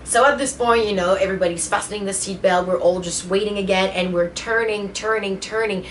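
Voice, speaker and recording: A woman recounts a personal story for her vlog, talking casually and emotionally, filling her speech with little fillers. Her voice sits at a middle pitch, with a faint hiss of noise behind it. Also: steady tone, fairly quick. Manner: emotional retelling, many fillers. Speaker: vlogger.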